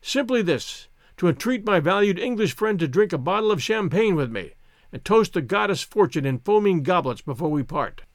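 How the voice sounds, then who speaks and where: A man's voice: high voice, animated, normal speed, no room sound, studio quality. A man voicing a boisterous, crafty old male ex-grenadier in an audiobook, with an exclamatory, grandiose manner. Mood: gleeful. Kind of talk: audiobook character voice.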